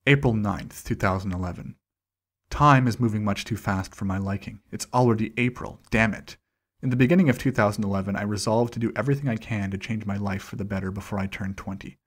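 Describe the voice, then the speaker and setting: A man reading a personal journal aloud in a steady, measured first-person delivery, with dates read out slowly. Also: fairly low pitch. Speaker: channel host reading a document aloud.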